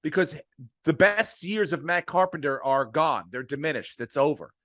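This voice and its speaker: A man's voice: on the high side, lively intonation, moderate pace, a bit bright, no room sound, clean studio sound. A middle-aged man with an emphatic, profane delivery, ranting about sports as a podcast co-host. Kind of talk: heated sports podcast rant.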